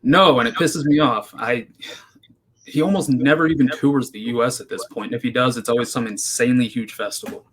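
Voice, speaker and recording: A man's voice: mid-range voice, a little fast, a bit bright, slight background noise. A man from the United States answering interview questions in a matter-of-fact, analytical way. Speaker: guest. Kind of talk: casual interview talk.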